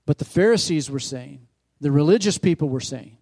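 An animated male preacher with a slightly high, darkish voice speaks at normal speed. His sermon retells scripture, and he calls out questions to the congregation with ever-rising emphasis.

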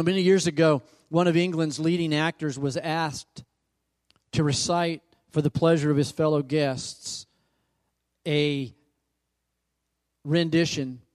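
A man's voice: a little high, steady tone, moderate pace, darkish tone, no room sound, studio quality. A man preaching a sermon as pastor, emphatic, repeating phrases for rhythm. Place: church.

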